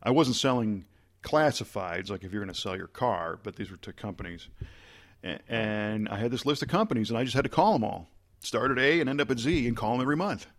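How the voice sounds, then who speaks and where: A man casually telling a long story about his early career in a relaxed interview, restarting phrases and acting out conversations. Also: mid-range voice, brisk. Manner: rambling, animated storytelling with quoted voices. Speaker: podcast guest.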